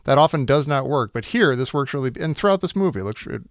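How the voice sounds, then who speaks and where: A man's voice: mid-range voice, expressive, fast talker, no room sound, studio quality. A man in casual podcast chat about a film, thinking aloud with enthusiasm. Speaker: podcast co-host.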